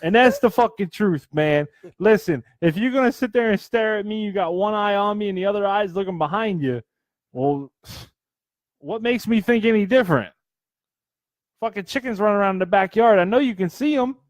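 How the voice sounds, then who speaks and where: Dude on a podcast, kinda high voice, dry close mic, cussing and cracking up. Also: male voice, moderate pace, dry recording. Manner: animated storyteller, swears a lot, laughs often. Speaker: podcast co-host. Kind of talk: casual comedic chat.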